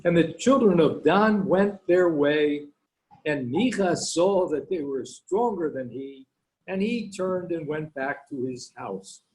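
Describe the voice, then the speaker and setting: A man reading verses of scripture aloud for a class, measured and deliberate. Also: on the high side, lively intonation, darkish tone, rough recording.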